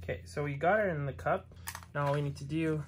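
A man packing up his animal enclosures, gently coaxing an upset pet into a cup. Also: fairly high pitch, brisk. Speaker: reptile keeper. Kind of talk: hands-on moving vlog. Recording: noisy with music behind.

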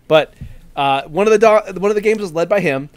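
Brief: upbeat male podcast co-host with a somewhat high voice, jokey and giggly. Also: brisk, clean tone, dry recording. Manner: playful, laughs often, reads game blurbs aloud. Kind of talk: casual podcast chat.

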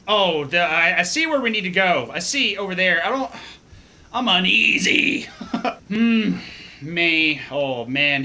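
A man's voice: high-pitched, expressive, slow, sharp tone. A young man commenting on a horror game as he plays, jumpy and swearing and talking to himself. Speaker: gaming YouTuber. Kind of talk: let's play commentary.

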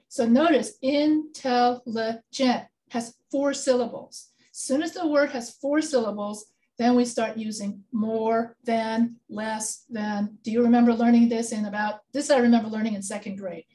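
A woman's voice: fairly high pitch, steady tone, normal speed, mellow, slight background noise. A woman teaching a grammar lesson in an online class, explaining rules step by step and checking in with her students. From Texas. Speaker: writing instructor.

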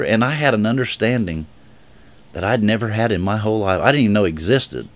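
Emotional low-voiced man giving testimony. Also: lively intonation. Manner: emotional, halting, with frequent restarts; earnest direct appeal to viewers. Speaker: person giving a religious testimony. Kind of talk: heartfelt personal testimony to camera.

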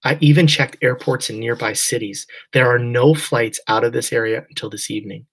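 A man voicing an apologetic female airport gate attendant in a husky voice, speaking softly and politely. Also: medium pitch, fairly quick, poor audio. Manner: soft, sorry, politely regretful.

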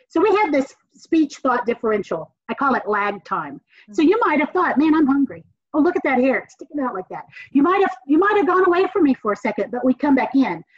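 A woman from the Southern United States with a Southern American accent, a communications professor giving an energetic, encouraging classroom lecture with emphatic repetition. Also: sits high, husky, dry recording. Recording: dull, dry lo-fi recording.

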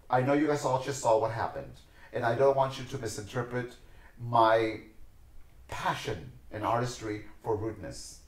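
A man's voice: mid-range voice, roomy sound, low-quality recording. A man, a dancer and teacher, telling stories as a podcast guest with passion, acting out the people in them. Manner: passionate, acts out voices in his stories. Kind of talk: animated storytelling in conversation.

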